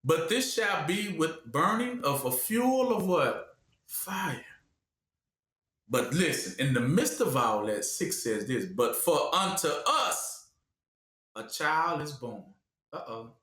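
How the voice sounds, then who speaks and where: Lively male preacher, lots of pitch swing, prompts the congregation, in a roomy space. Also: slow. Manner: animated, acts out voices and asks the room to finish his sentences. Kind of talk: call-and-response sermon. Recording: echoey room.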